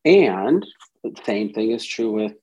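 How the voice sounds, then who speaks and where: A man's voice: mid-range voice, expressive, a little slow, husky, poor audio. A man speaking as a therapist and podcast guest, explaining ideas at length and briefly acting out inner voices in quotes. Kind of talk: explanatory interview talk.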